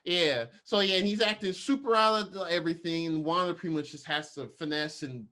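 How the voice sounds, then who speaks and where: A man co-hosting a podcast, chatting casually and rambling through scenes while acting out bits in quick voices. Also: on the high side, pushed and bright. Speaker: podcast co-host.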